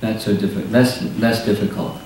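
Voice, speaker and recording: A man with a somewhat low voice teaches scripture slowly and deliberately, pausing often between phrases. He sounds far from the microphone, in a strongly echoing hall with a faint hiss behind him. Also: darkish tone. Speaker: spiritual teacher. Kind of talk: scripture lecture.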